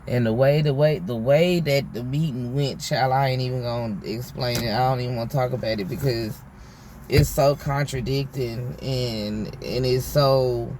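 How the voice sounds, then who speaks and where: Male vlogger, mid-pitched, loose profane storyteller, faint background hiss. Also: steady tone, normal speed, a little mellow. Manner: rambling, slangy, frequent "you know what I'm saying"; profane, candid. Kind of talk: casual storytime monologue.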